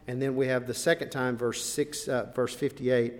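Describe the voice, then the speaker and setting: A male preacher delivering a sermon with dramatic swings between quiet, intimate asides and loud, drawn-out emphasis. His voice sits at an ordinary middle pitch for a man. The sound rings with the long reverb of a big hall. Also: little pitch movement.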